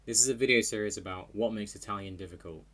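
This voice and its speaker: A man hosting a language channel, reading a scripted explainer in a plain, measured way. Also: on the low side, fairly bright tone, slightly rough. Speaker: language learning channel host.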